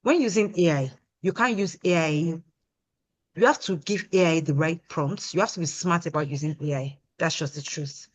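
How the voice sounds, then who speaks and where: A woman's voice: low-pitched, moderate pace. A woman guest in an interview, a product consultant explaining her approach emphatically and often asking "you understand?". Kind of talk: casual interview answer.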